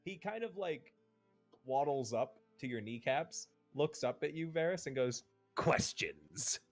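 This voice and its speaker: A man's voice: on the high side, expressive, measured pace, darkish tone, faint music behind. A man running a tabletop game as game master, narrating with playful energy and frequent laughs.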